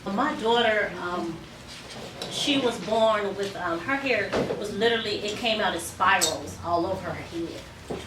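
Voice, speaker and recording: A woman hair stylist talks through a salon demonstration in a chatty, explanatory way, with plenty of ums. Her voice sits at a middle pitch. The mic is some distance off in an echoey room, with salon noise clearly heard underneath. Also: measured pace.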